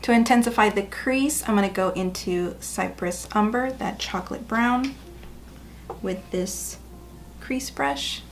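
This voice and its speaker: A woman's voice: mid-range voice, measured pace, slight background noise. A woman beauty vlogger talking viewers through a makeup tutorial in a chatty, upbeat way. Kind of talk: casual makeup tutorial narration.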